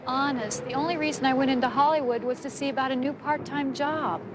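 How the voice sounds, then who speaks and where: Actress as a young woman in trouble, high and defensive; vintage TV drama. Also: steady tone, fast talker, natural voice. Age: young adult. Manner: pleading, defensive, rising to shouting. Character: frightened young woman college student. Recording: old TV drama with music behind.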